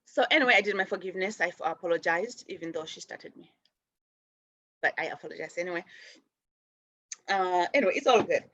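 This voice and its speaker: Gentle rambling woman, muffled sound. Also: fairly low pitch, fairly quick, pauses often, no echo. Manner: gentle, rambling, many restarts and fillers. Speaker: spiritual show host. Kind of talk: casual spiritual teaching.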